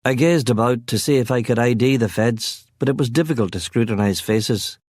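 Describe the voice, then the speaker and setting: A man's voice: mid-range voice, a little fast, a little mellow, dry recording. A man narrating a first-person crime novel as an audiobook, with a wry, sardonic delivery on a close studio mic.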